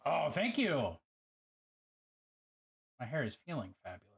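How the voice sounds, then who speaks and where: A man's voice: fairly high pitch, wildly swooping pitch, a little slow, gravelly, slightly rough. A man streaming live while painting miniatures. He chats casually, swears freely and greets viewers by name.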